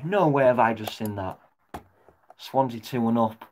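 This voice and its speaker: Swearing football fan reacting live. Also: male voice, medium pitch, fairly even intonation, unhurried, pauses often. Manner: swears often, shouts at the referee, swings from mutters to yells.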